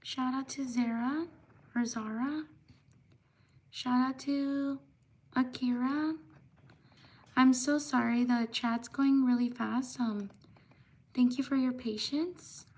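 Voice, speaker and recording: A woman on a live stream with a high voice, working through names at a slow, careful pace. She slips in hurried apologies when she's unsure how a name is said. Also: steady tone, a little mellow. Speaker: livestream host. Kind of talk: live stream shout-outs to viewers.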